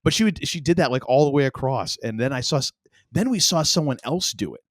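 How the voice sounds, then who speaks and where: Animated rambling older man, podcast host. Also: mid-range voice, quick pace, a little hiss or hum. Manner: rambling, animated storyteller with many restarts. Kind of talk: casual chat.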